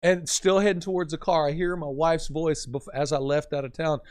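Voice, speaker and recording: A man who is a pastor, talking about faith in an earnest, animated storytelling way with a preaching cadence. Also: on the high side, fairly quick, clean tone. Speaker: pastor, podcast guest.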